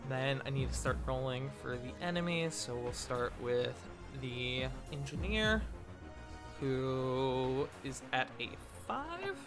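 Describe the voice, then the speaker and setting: A man narrating as game master of a live tabletop game, laid-back and quick to laugh. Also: medium pitch, big pitch swings, music in the background.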